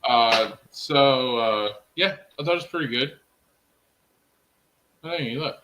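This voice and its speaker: Against a noisy background, a man of medium pitch speaks unhurriedly as he hosts a casual wrestling recap stream. He addresses his chat and co-host with enthusiasm, and "freaking" turns up in nearly everything he says.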